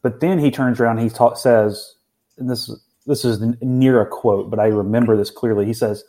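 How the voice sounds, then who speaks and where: A man, a guest co-author, in casual academic discussion, measured but trailing into hesitant restarts when puzzled. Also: medium pitch, steady tone, dark tone.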